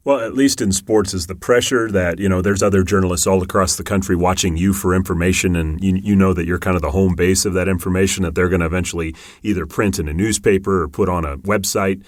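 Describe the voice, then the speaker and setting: A male interview host with a very deep voice asks long, winding questions. The recording is dry and close, with no room sound. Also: steady tone, fast talker, hardly any pauses, no room sound.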